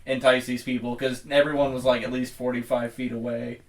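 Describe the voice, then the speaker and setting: Musing man, halting podcast talk. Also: medium pitch, little pitch movement. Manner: musing, halting, many "like" fillers. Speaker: podcast co-host. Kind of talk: casual movie review chat.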